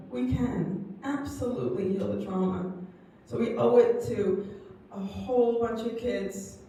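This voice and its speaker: A woman's voice: lowish voice, dark tone. Earnest woman in an echoey hall. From England. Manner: earnest, emotional, laughs often, halting restarts. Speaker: guest speaker, counselor. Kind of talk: personal testimony talk. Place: community hall. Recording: echoey hall, distant mic, faint noise.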